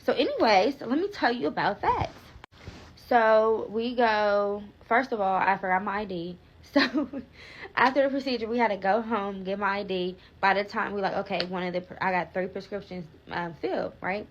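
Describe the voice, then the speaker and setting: A woman's voice: medium pitch, moderate pace, muffled recording, slight background noise. A young woman telling a rambling storytime, filler-heavy and swearing freely, with frequent restarts. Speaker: vlogger. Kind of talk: casual storytime vlog.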